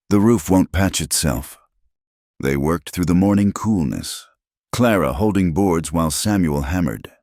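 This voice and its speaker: A man narrating a western story in slow, measured scripted narration. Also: a bass voice, darkish tone, no echo, studio quality.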